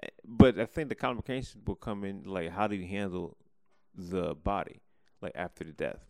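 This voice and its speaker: A man's voice: deep voice, normal speed, creaky, a little mellow, no room sound, studio quality. A young man co-hosting a podcast in casual chat, joking and laughing often. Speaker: podcast co-host.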